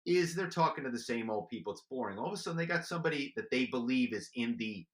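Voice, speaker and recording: A man talking as a podcast guest, telling stories in a lively, chatty way with many "you know"s. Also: mid-range voice, fast, roomy sound. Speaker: podcast guest, former corporate spy. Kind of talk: animated storytelling.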